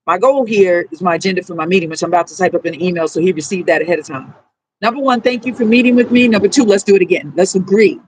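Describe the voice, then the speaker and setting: A woman's voice: medium pitch, rough recording. A woman with a New Orleans accent, talking bluntly and profanely in a rambling livestream monologue. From New Orleans, USA.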